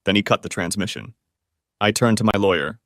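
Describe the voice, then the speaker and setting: A man narrating a first-person revenge story in an expressive reading voice. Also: on the low side, brisk, no echo, clean studio sound.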